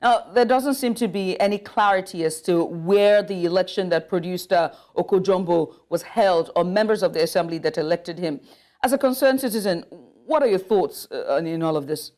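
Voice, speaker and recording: A woman's voice: fairly low pitch, normal speed, darkish tone. A woman anchoring a news bulletin, reading stories and then interviewing a guest, with occasional slips and restarts. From Nigeria. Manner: reads with small slips and restarts.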